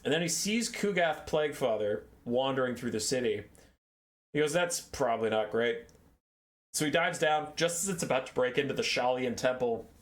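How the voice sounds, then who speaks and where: In an animated, brisk delivery, a man hosts a casual recap of video game lore. He's profane and irreverent, strays from the subject, and his pitch rises and falls dramatically.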